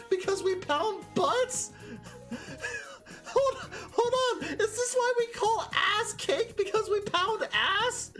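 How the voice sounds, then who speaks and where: A high-pitched woman streams a game and chats with her viewers, her voice leaping up and down. She swears freely, repeats her lines and keeps breaking into laughter, with faint music playing behind her. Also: animated, slow pace, fairly bright tone. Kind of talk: casual live-stream chat while gaming.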